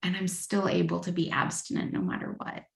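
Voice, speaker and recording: A woman in her thirties gives a frank, self-deprecating personal share at a recovery meeting. Her voice sits a little low with a gravelly fry. The sound carries the echo of a roomy space. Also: little pitch movement, brisk.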